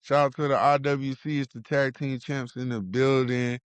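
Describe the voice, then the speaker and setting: A man on a casual wrestling podcast, hyped and playful, throwing out slang and shout-outs. His voice sits at mid pitch and sounds smooth and clear. The recording is dry and close. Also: level tone, moderate pace, no echo. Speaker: podcast co-host.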